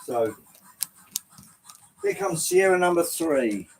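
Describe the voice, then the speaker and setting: Running his model trains in an indoor hobby room with a layout, a middle-aged livestream host explains them to viewers in casual live chat, exclamatory and reading messages aloud. His voice is on the high side with a darkish tone and lively intonation, and he goes slowly. Slight background noise mars the poor audio.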